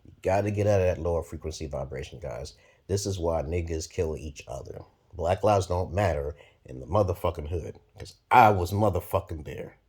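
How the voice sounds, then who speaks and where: A man in his forties from Brooklyn talks straight into the camera in a long, profane monologue. His voice sits very low and sounds husky. He rambles bluntly and his voice leaps up in sudden loud bursts. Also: moderate pace. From Brooklyn, New York, USA. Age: 40s. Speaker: vlogger.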